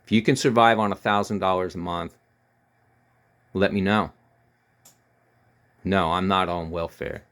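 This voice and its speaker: A man's voice: low-pitched, steady tone, measured pace, long pauses, a bit bright. A man giving heated, scornful political commentary, ranting and repeating himself.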